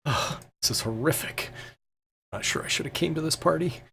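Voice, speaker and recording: A man voicing a nervous party guest who mutters quietly in dismay. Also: medium pitch, normal speed, gravelly, slight background noise, pitched above the performer's own voice. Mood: horrified.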